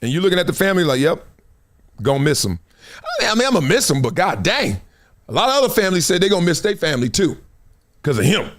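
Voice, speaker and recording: A man hosting a live stream, talking in an animated, emphatic storytelling way. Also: high voice, very fast. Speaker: show host.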